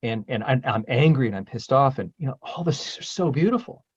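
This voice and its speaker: A man leading a spiritual group talk, emphatic and salty-tongued. His pitch leaps around with real animation as he pushes his point. The recording sounds dull and lo-fi. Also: expressive, a little fast, husky. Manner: emphatic and profane, swings loud and high when stirred.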